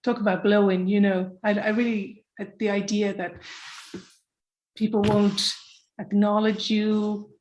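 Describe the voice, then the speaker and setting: A woman from Ireland talks as a guest about her creative work at a middle pitch. She chats loosely, lets her phrases trail off and laughs easily. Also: level tone, unhurried, darkish tone, a little hiss or hum. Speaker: comics author, guest. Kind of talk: casual conversation.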